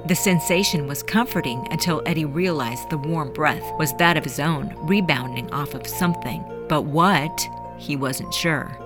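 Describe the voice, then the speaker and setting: A woman narrating a dark audiobook chapter dramatically and expressively. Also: low voice, normal speed, hardly any pauses. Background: faint background music.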